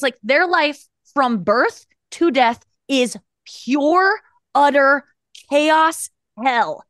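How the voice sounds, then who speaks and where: A woman's voice: sits high, slow pace, a bit bright, no echo, clean studio sound. A woman in her thirties, a comedian guest on a podcast, talking in a candid, rambling and self-mocking way. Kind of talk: casual podcast chat.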